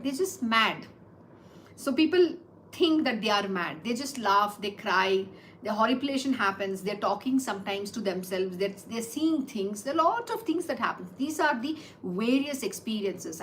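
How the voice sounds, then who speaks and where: A woman's voice: on the high side, lively intonation, moderate pace, a bit bright, slight background noise, rough recording. A woman explaining scripture verses line by line, repeating phrases and asking rhetorical questions. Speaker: spiritual teacher.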